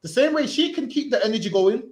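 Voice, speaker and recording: A man street preaching forcefully, repeating himself and ending phrases with "man". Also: very high-pitched, expressive, fast, roomy sound.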